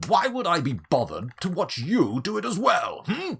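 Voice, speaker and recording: A man's voice: high-pitched, wildly swooping pitch, normal speed, a bit bright, husky, pitched above the performer's own voice, heavily acted. A man putting on a haughty old colonel. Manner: demanding, haughty. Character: pompous brandy-swilling old colonial colonel, impatient.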